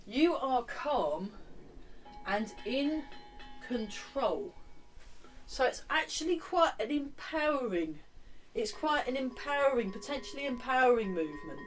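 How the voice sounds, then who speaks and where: A fairly high-voiced woman leads a tai chi class in a relaxed, chatty way, counting the steps out loud. She sits a little back from the microphone, so her voice sounds slightly distant. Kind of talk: guiding a movement class.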